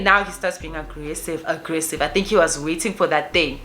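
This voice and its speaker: A young South African woman telling a story to camera in a lively, casual way, slipping Zulu phrases into her English. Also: low-pitched, fairly quick, few pauses. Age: young adult. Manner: animated, mixes in Zulu phrases. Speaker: vlogger.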